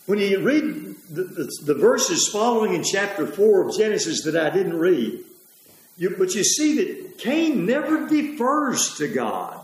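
A man preaching a sermon with emphatic, drawn-out repetitions. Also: high voice, sing-song. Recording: very echoey hall.

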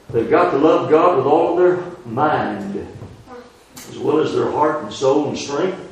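Preacher in an echoey church. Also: male voice, fairly high pitch, a little mellow. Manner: rising emphatic questions, drawn-out stresses. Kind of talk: sermon. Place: small rural church building. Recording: echoey church room, distant mic, faint hiss.

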